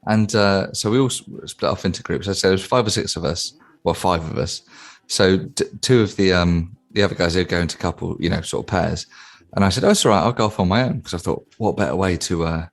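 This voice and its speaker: A man co-hosting a comedy podcast, telling an improvised story in a deadpan way with stammering restarts. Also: low voice, a little fast, gravelly.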